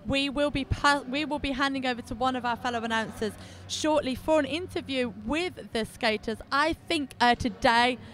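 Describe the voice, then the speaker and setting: A woman's voice: high-pitched, normal speed, few pauses, fairly bright tone. A woman commenting live on a roller derby game, chatty, giggly and self-mocking. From England.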